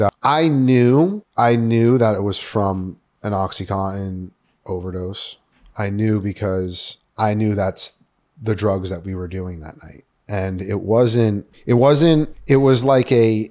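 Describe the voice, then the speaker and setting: A man's voice: fairly low pitch, darkish tone. A man in his thirties from New York City, a podcast guest telling his personal story frankly in casual talk, swearing freely and filling with "uh" and "like". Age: 30s. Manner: candid, swears freely, many fillers like "uh" and "like".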